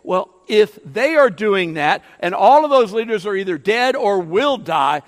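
A man's voice: high-pitched, animated, unhurried. A man preaching a sermon as pastor, emphatic and rising and falling, with frequent fillers. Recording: long hall reverb.

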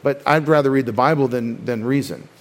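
A man's voice: mid-range voice, a little fast. Man teaching a doctrinal sermon. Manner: explanatory, with frequent restarts and quoted voices. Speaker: pastor.

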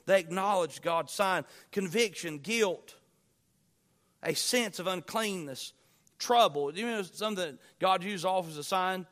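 A middle-aged man preaching a sermon, moving from quiet personal stories to loud, urgent pleading. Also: high voice, measured pace. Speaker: pastor.

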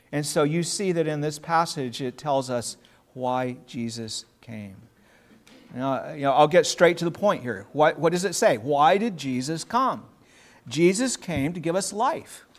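High-voiced male preacher reading scripture. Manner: reads scripture aloud, then explains it conversationally. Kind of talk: sermon with Bible reading.

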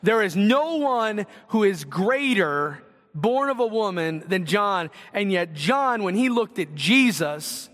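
A man's voice: sits high, expressive, slow pace, a bit bright. A man preaching a sermon, earnest and conversational, asking the congregation direct questions. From Northwest Ohio. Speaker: pastor. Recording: long hall reverb.

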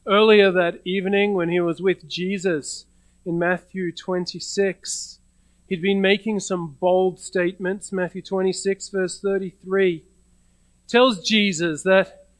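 A man's voice: sits high, flat delivery, measured pace, no room sound, poor audio. A male pastor giving a sermon, retelling a scene in a conversational way with frequent restarts and repeated words.

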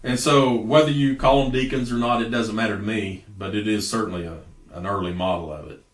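A middle-aged man preaching a sermon as pastor, folksy and emphatic, with sudden bursts of loud speech. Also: fairly low pitch, steady tone, brisk. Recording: echoey room, voice heard from a distance.

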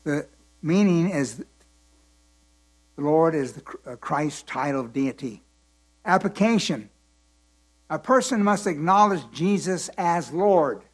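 Deliberate preacher man with a tired voice. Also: on the high side, expressive. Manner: deliberate, repeats points, asks the congregation to fill in words. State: voice tired at the end of the day. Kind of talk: Bible teaching.

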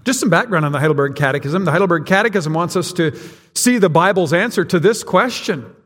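A man's voice: sits high, expressive, fairly quick, fairly bright tone, in a large hall. A man preaching a sermon to his congregation in a church, speaking plainly and directly to his listeners. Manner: conversational, direct address to congregation. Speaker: pastor. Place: church sanctuary.

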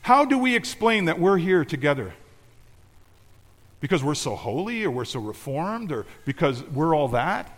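A male pastor preaching a sermon, emphatic, moving between loud declarations and quiet, intimate asides. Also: a little high, sing-song, moderate pace, big-room sound.

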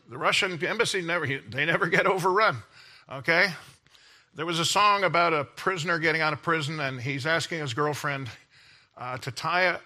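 Bright-voiced man lecturing a class informally. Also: on the high side. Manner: rambling, checks in with "okay?" after many points.

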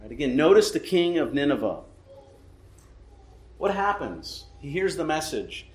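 Preacher guy, kinda high voice, punchy and emphatic, lots of "right?", roomy echo. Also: sing-song, a little slow, pauses often. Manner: emphatic, rhetorical questions with repeated "right?". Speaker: pastor. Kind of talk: sermon. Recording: echoey room.

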